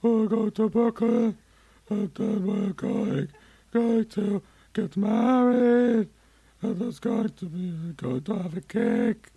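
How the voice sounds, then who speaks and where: A high, slow old Italian grandmother fusses over wedding plans, as a man puts her on in a comic podcast impression. The voice is a strained falsetto pushed well above his own. It stretches each phrase out slowly. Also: warm tone, husky, highs cut off, full character voice. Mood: eager.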